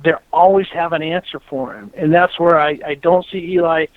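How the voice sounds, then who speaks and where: A man hosting a casual chat, telling animated stories and swearing freely. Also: fairly high pitch, moderate pace, dry recording, narrow, tinny audio. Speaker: podcast host, former racer.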